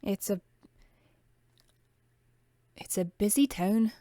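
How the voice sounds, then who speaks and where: Lady doing a shy french-accented maid, soft and a bit whispery, dry close sound. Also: mid-range voice, slow, no room sound, natural voice. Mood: hesitant. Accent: French, put on. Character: young woman maid speaking French-accented English.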